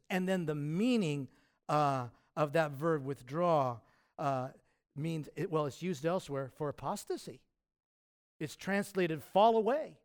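A man preaching a sermon in a conversational, animated way, with loud emphatic peaks and asides. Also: high-pitched. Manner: conversational, with fillers and restarts. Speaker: pastor.

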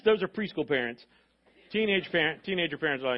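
A man with a high-pitched voice preaches to a congregation in an animated, expressive way and slips into voices of parents and of God. The recording sounds dull and lo-fi, as if captured from the stage of a church auditorium. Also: fast. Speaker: pastor. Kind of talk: sermon.

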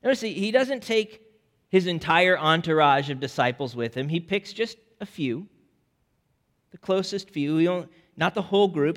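A man preaching a sermon as a pastor, earnest and deliberate, sometimes restarting his words. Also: on the high side, lively intonation, fairly bright tone, in a large hall.

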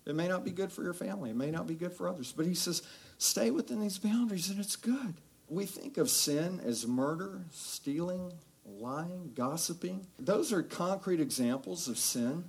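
A man preaching a sermon as a pastor, telling Bible stories in a conversational, animated way and acting out quoted voices. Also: on the high side, husky.

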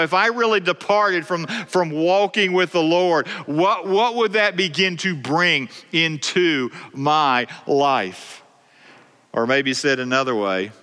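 A male pastor preaching a sermon in an earnest way, often repeating words and dropping low at the ends of his lines. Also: pushed and bright, big-room sound.

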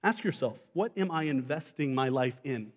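A man's voice: medium pitch, expressive, normal speed, long reverb tail. A man preaching a sermon as pastor, talking conversationally and asking the congregation questions.

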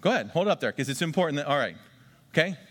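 Man, pastor, sermon, slightly high voice, emphatic, slow repeated phrases, long hall reverb. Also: big pitch swings, fairly bright tone. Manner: emphatic, repeats key phrases slowly for the congregation.

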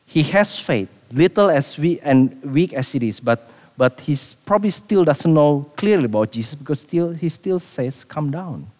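A man preaching a sermon as a pastor, animated, repeating himself and dropping quiet for emphasis. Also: on the high side, moderate pace, big-room sound.

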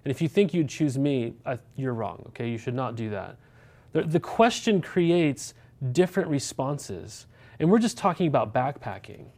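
A man's voice: mid-range voice, very animated, normal speed, a little mellow. A man, a pastor preaching a sermon in a conversational way, asking many rhetorical questions and checking in with the congregation.

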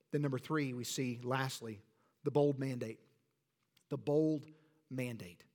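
A man in the pulpit delivers a sermon, his voice on the higher side for a man. He moves between loud, forceful bursts and soft, quiet drops as he preaches. His voice rings out in the long reverb of a big church hall. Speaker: pastor. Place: church sanctuary.

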